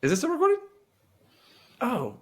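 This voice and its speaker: A man's voice: very high voice, wildly swooping pitch, normal speed, fairly bright tone, slightly rough. A man co-hosting a podcast in loose casual chat, rambling and joking, often stumbling over his words. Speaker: podcast co-host.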